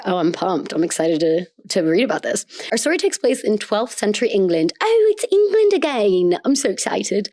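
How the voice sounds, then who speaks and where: A woman hosting a podcast, reading a folk tale aloud and breaking in with playful, excited asides. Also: lowish voice, no echo, clean studio sound. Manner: bubbly, playful, reacts with gasps and squeals. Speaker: podcast host.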